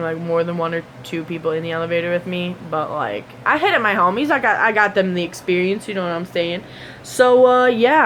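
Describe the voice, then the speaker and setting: A woman's voice: medium pitch, fairly bright tone, a little hiss or hum. A woman vlogger casually telling a personal story to her camera, rambling and chatty, with lots of fillers and sound effects.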